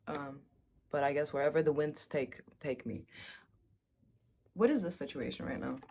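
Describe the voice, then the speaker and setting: Young woman, vlogger, lowish voice, candid chatty storyteller, self-mocking. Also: normal speed, mellow, a little hiss or hum. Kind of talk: casual confessional chat.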